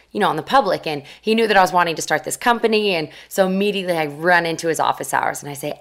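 Young female interviewee, low register, animated casual storyteller. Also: creaky. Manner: animated, acts out quoted voices. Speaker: interview guest.

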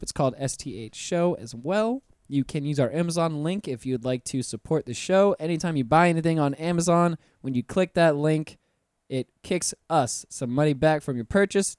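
A young man hosts a casual podcast, rattling off plugs in a loose, profane way. His voice sits a bit high and sounds smooth and clear. The sound is dry and close to the mic. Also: a little mellow, no echo. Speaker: podcast host.

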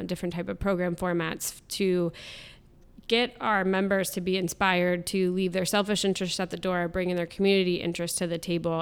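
A woman's voice: fairly low pitch, smooth. A woman answering interview questions, earnestly explaining her work in civic programs with a few "um" fillers.

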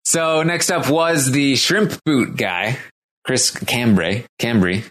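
A man co-hosting a casual podcast chat, rambling with frequent ums and restarts and slowing down to announce each competitor. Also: medium pitch, fairly bright tone. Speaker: podcast co-host recapping episodes.

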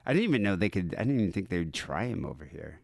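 A man's voice: deep voice, sing-song, very fast, vocal fry, no room sound, clean studio sound. A man hosting a podcast in casual, crude, laid-back chat, often hesitating. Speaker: podcast host.

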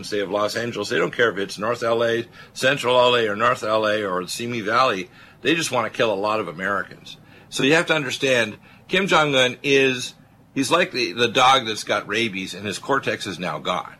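A man's voice: mid-range voice, bright, forceful tone, a little hiss or hum. A man hosting a talk radio show, speaking emphatically and rambling with many filler uhs.

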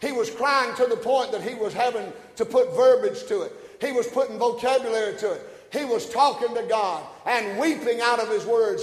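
A preacher with a high voice delivers his sermon in a big sanctuary. He drops to easy, joking asides and then climbs to full-throated shouts. The room is roomy, and each line trails off in a long reverb. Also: moderate pace. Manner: preaching that swings from quiet asides to shouted climaxes; folksy and joking. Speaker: pastor. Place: church sanctuary. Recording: echoey hall, church room.

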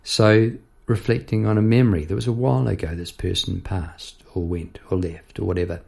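A man's voice: low-pitched, flat delivery, fairly quick, vocal fry, a little mellow. A man hosting his own podcast, casually musing aloud about writing a song, asking himself questions and reading out his lyrics. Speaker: songwriter and podcast host. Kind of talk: casual solo podcast talk about songwriting.

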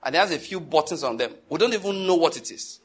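A man with a notably high voice delivers a sermon, driving his points home by repeating them. He peppers the listener with rhetorical questions and swings between hushed and forceful delivery. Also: fast talker, husky. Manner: emphatic, repeats key phrases, asks the audience rhetorical questions; wide swings in loudness between calm and forceful. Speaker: preacher.

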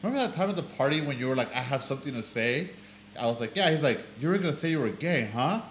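Animated male storyteller in an echoey room. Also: a little high, racing, slight background noise. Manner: animated storyteller who acts out quoted voices. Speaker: podcast co-host. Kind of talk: casual chat.

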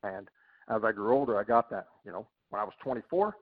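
Fast-talking coach on a tinny line. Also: male voice, fairly low pitch, expressive. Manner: quick, earnest, many fillers. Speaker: college baseball head coach. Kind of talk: casual podcast interview. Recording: tinny phone-line audio.

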